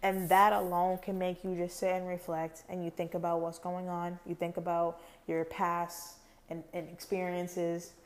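A woman's voice: lowish voice, completely flat delivery, normal speed, hardly any pauses. A young adult woman hosting a podcast, talking in a casual, rambling way about a spiritual journey, with many fillers and restarts. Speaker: podcast host.

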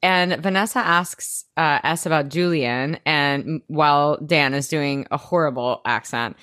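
A woman's voice: deep voice, a little slow, a bit bright, dry recording, clean studio sound. A woman co-hosting a podcast in a casual recap chat, talking with many "like" fillers. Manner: chatty, many "like" fillers, laughs often. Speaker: podcast co-host.

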